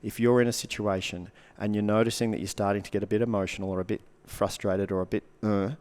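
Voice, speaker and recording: Guy with a slightly low voice on a podcast, chatty coach type, swears a lot, keeps acting out little reactions. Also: quick pace. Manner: animated, swears freely, acts out quoted reactions. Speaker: guest coach and speaker. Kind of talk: casual podcast conversation.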